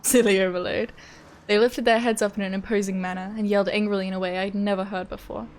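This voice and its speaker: A woman's voice: mid-range voice, little pitch movement, fast talker, slight background noise. A young woman streamer reading a visual novel aloud, breaking off into chatty, swearing asides and frequent laughs.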